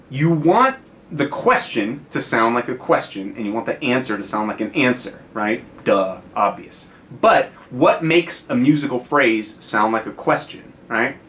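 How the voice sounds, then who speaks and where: A man's voice: medium pitch, a bit bright. An American man giving a casual guitar lesson on video, chatty and full of fillers, often checking in with "right?". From United States. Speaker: guitar teacher.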